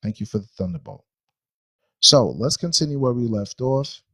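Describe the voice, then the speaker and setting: Guy teaching a bible class, husky voice, dry close sound, keeps asking if everyone's with him. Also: mid-range voice, lively intonation, a bit bright, no echo, low-quality recording. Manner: slow, deliberate reading, repeats phrases and checks in with listeners. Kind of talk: radio Bible study class.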